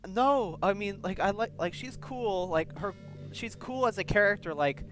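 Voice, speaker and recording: A man's voice: high voice, animated, moderate pace, a bit bright, faint music behind. A man hosting a game playthrough, reading a story aloud and breaking off into passionate, heated, swearing rants. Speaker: let's play host.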